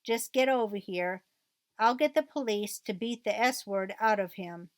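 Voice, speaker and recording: A bitter, ranting divorced mother, read out by a woman in close to her own voice. The delivery is a level mid-pitched read-through, with dry, close sound and no room around it. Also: measured pace, dry recording, natural voice. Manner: reads quoted rant aloud in a mostly plain voice.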